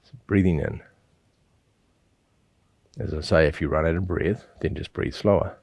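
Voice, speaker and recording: A man with a very low, deep voice guides students through a slow breathing exercise. He coaches patiently and repeats himself, often checking in with a quick "yeah?". The sound is dry and close, with no room echo. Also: gravelly, a little mellow. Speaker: qigong teacher.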